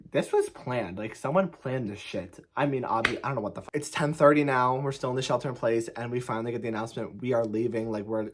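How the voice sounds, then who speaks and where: Young man, husky voice, casual storytime, emphatic and profane, lots of "like". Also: medium pitch. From United States. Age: young adult. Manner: emphatic, profane, heavy on "like" fillers. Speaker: vlogger.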